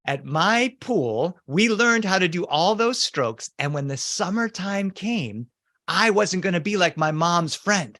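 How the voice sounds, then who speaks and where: A middle-aged man telling stories to children over a video call, lively and animated. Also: high-pitched, unhurried, no room sound, clean studio sound. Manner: lively, animated, greets the audience. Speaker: children's storyteller.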